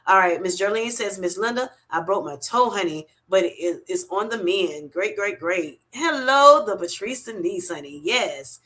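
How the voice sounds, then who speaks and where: A middle-aged woman hosts a casual live stream. She reads out viewer comments and answers them in an affectionate, chatty way, calling people honey. Her voice is bright and sits at a middle pitch. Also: animated, measured pace, hardly any pauses. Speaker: livestream host.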